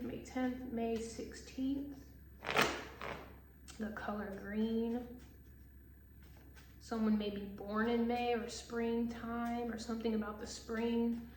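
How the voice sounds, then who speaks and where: A woman's voice: fairly high pitch, a little mellow, distant mic. Blunt, profane woman tarot reader. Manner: blunt, profane, exasperated, laughs often. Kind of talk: casual tarot reading. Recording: echoey room with faint hiss.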